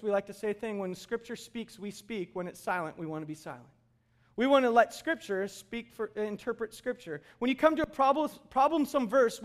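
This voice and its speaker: A pastor with a notably high speaking voice preaches from the front of a church. His delivery is conversational, and he jokes with the congregation along the way.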